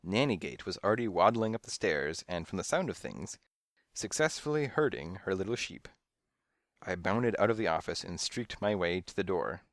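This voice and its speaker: Low-voiced, playful male storyteller. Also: normal speed, no echo, studio quality. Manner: expressive, playful storytelling with lively swings. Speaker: audiobook narrator. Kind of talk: first-person storybook narration.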